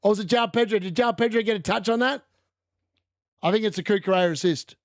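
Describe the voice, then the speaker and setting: A man hosting a live fantasy football watchalong, chatting through the games and shouting when goals go in. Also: high-pitched, quick pace, dry recording, clean studio sound.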